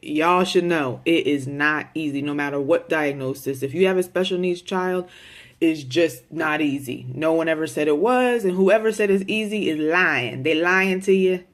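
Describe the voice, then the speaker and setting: Frank, talkative mom speaking in a home video diary, direct and casual. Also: female voice, deep voice, normal speed. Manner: candid and talkative, with many repeated words; direct, with folksy slang. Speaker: mother of a special needs child.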